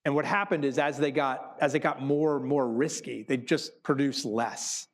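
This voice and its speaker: A Broadway producer gives a conversational talk to business students, animatedly acting out quotes as he tells anecdotes. His voice sits in the mid range, and he speaks at a moderate pace.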